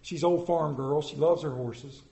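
A middle-aged male pastor with a fairly high voice preaches a sermon in a church. He tells folksy, self-deprecating stories. His voice echoes around a roomy hall. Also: measured pace, creaky, dark tone.

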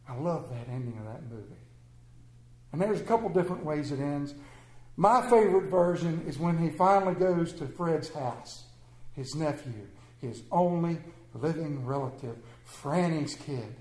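A man preaching a sermon to a congregation, swinging between loud emphatic phrases and hushed low lines, repeating phrases to build his point. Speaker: pastor. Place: church sanctuary with congregation. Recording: echoey church room.

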